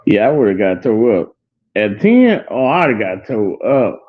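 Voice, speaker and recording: A man's voice: on the low side, very animated, a little slow. A man hosting a show, telling a childhood story in a rambling, repetitive way and laughing hard. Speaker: show host. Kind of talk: casual storytelling chat. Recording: tinny phone-like sound.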